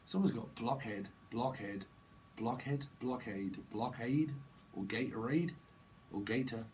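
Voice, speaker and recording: A man's voice: medium pitch, unhurried, a little mellow, a little hiss or hum, poor audio. Rambling, laughing man. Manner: rambling, laughs often, slangy and playful. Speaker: tarot reader. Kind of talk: casual chatty tarot reading.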